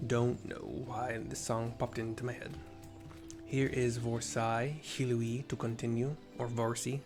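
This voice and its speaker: A man narrates a game playthrough for blind viewers in a chatty, casual way, often stopping to correct his own words. His voice sits in a middle pitch, and soft game music plays behind him. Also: little pitch movement, a little slow.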